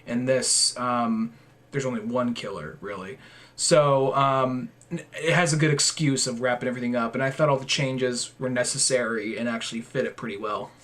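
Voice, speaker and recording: A man co-hosting a podcast in casual chat, laid-back with wry jokes, often trailing off quietly. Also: medium pitch, moderate pace. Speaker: podcast co-host.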